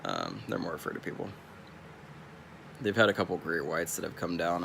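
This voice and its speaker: A man's voice: deep voice, very animated, normal speed, creaky, pauses often, fairly bright tone, a little hiss or hum. A young man from California with a Californian accent, rambling in a laid-back, casual vlog monologue. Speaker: streamer.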